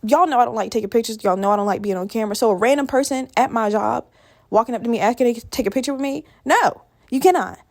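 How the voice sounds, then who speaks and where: A woman's voice: mid-range voice, creaky, a little mellow, no room sound, studio quality. A young woman in her twenties from Virginia, hosting a podcast alone in a rambling, profane, chatty way. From Virginia, USA. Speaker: podcast host. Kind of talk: casual solo podcast rambling.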